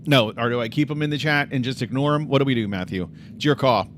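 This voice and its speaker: This man has a mid-range voice and talks fast, with slight background noise. Coding his game on a casual livestream, he debugs while thinking out loud, muttering under his breath and addressing chat directly.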